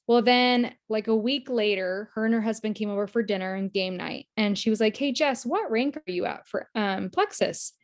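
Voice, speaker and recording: A woman's voice: mid-range voice, moderate pace, few pauses. A woman team leader giving a casual, earnest motivational talk on a video call, telling stories and acting out quoted lines. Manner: chatty, earnest, storytelling with quoted voices.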